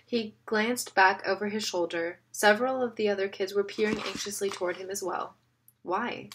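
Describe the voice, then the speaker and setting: A woman's voice: mid-range voice, fairly even intonation, brisk, fairly bright tone, a little hiss or hum. Woman reading a story aloud. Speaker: narrator. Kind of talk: audiobook reading.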